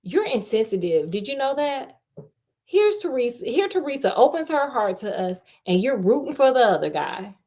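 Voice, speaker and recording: A woman's voice: a little high, big pitch swings, normal speed, darkish tone. A woman reading the lines of an indignant teenage boy who scolds a friend for being insensitive. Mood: reproachful. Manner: reproachful.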